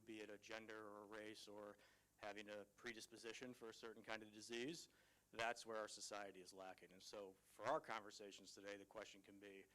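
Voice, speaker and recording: Low-voiced man reasoning on a panel. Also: fairly bright tone, low-quality recording. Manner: measured, reasoned argument. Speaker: conference panelist. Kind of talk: panel discussion.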